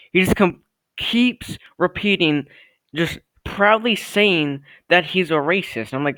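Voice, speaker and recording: A man's voice: fairly high pitch, very animated, measured pace, fairly bright tone, no echo, poor audio. A young man telling a story from his own life to camera in a casual, rambling way, swearing often and filling gaps with "like" and "uh". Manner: rambling, profane, lots of fillers. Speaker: storytime vlogger.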